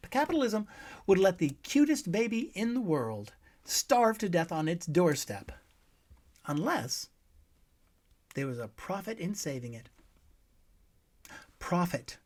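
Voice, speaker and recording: A man hosting a scripted political monologue, ranting with sarcasm and name-calling, swinging between loud outbursts and hushed asides. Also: sits high. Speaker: host.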